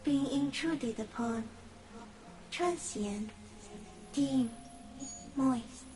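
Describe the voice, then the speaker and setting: An ancient eerie insect creature. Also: female voice, high-pitched, soft background music, low-quality recording. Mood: dreamy. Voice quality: soft, drifting, often breathy. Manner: slow, otherworldly, halting phrases. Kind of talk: video game voice acting.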